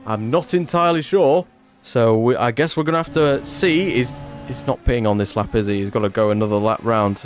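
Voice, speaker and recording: A male commentator calls a racing game in a loose, chatty livestream manner. His mid-range voice stays conversational, then climbs when drama hits the track. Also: mid-range voice. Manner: chatty, rises excitedly at incidents, asides to chat. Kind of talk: casual livestream race commentary.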